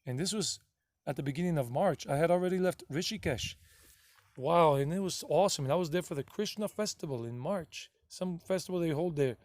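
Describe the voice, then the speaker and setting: A man's voice: on the high side, fairly quick, darkish tone, dry recording. A man narrating his travel footage in a casual vlog, gushing and rambling and often repeating himself. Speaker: travel vlogger.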